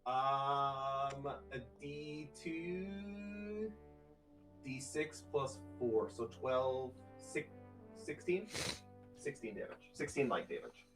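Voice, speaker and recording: A man's voice: medium pitch, animated, extremely slow, fairly bright tone, faint music behind, poor audio. A man playing a tabletop game casually, thinking aloud as he counts his dice rolls. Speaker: player.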